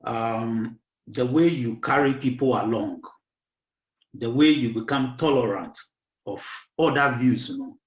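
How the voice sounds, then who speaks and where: A Ghanaian man with a hoarse voice hosts a talk show in a slow, halting way, dropping English words in as he goes. His voice sits in a middle register. The recording is dull and echoey, as if made in a bare room. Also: medium pitch. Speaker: radio show host. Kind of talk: casual political talk.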